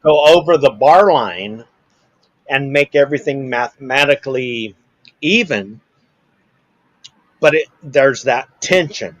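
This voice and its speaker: Slow, patient man explaining rhythm. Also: mid-range voice, animated, no room sound, muffled recording. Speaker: musician guest. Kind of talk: casual chat.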